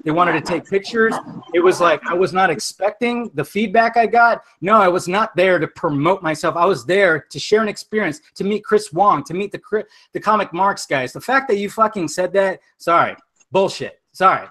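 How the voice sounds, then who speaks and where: A man with a notably high voice argues on a livestream, indignant and defensive. He swears often and repeats his points as he pushes back. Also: lively intonation, normal speed, bright, forceful tone. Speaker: podcast host. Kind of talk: heated argument on a livestream.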